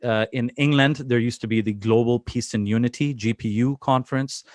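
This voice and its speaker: Chatty host from Canada, dry close sound. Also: male voice, mid-range voice, steady tone, a little fast, a little mellow, no room sound. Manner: chatty, many fillers and restarts. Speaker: interview host. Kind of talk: casual interview chat.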